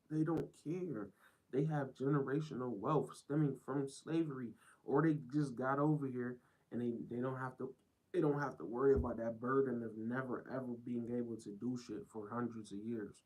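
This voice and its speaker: A man's voice: medium pitch, a little mellow, low-quality recording. A man live-streaming, reacting to clips in a blunt, rambling way that circles back over the same phrases. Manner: blunt, rambling, repeats himself.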